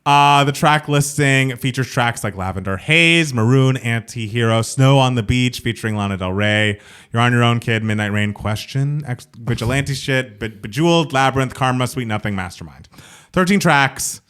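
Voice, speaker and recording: A young man co-hosting a podcast in casual chat, animated and mimicking voices as he tells stories. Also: mid-range voice, moderate pace, clear, resonant tone. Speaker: podcast co-host.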